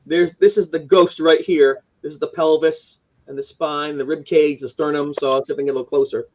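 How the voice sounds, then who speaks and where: A man's voice: a little high, steady tone, a little fast. Earnest man rambling on a video call. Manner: earnest, rambling, many restarts and "you know". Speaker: guest, author of a haunting memoir. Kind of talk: casual live-stream interview. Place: home room with keepsakes, indoors.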